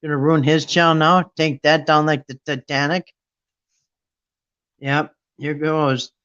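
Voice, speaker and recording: A man's voice: on the high side, little pitch movement, a little slow, fairly bright tone, smooth, lo-fi sound. A man hosting a casual live stream, talking in an indignant, mocking way and rambling with restarts. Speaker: livestream host.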